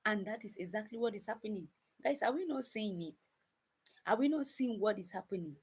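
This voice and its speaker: A woman's voice: medium pitch, animated, a little fast, husky. A woman giving casual commentary to viewers, emphatic, repeating her points and often restarting sentences. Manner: emphatic, repeats phrases, addresses viewers as guys; frequent restarts and stumbles.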